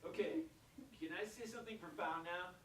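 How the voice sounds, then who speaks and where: A man in a comedy troupe on a small theater stage, excitable and crude. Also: high voice, a little fast. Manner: excitable, crude, prone to outbursts. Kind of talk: live comedy sketch banter. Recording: very echoey live theater recording from a distance.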